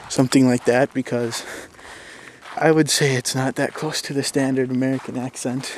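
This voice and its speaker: A young man with a Minnesotan accent, talking casually to his viewers in a relaxed, rambling way with plenty of fillers. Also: medium pitch, moderate pace, slight background noise. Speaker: YouTuber. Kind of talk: casual talk to camera.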